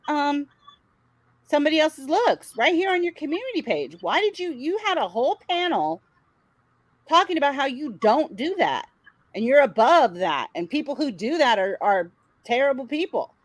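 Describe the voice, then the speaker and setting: A woman's voice: high voice, big pitch swings, moderate pace, no room sound, poor audio. A woman hosting a casual commentary show, talking in a blunt, sarcastic way and swearing freely. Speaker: commentary channel host.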